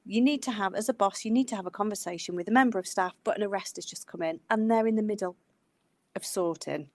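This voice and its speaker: A woman's voice: medium pitch, fast, a little mellow, dry recording. A middle-aged woman, a nurse co-hosting a podcast, talking casually in a rambling way with many fillers. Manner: rambling, says she goes off on tangents, many fillers. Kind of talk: casual advice chat.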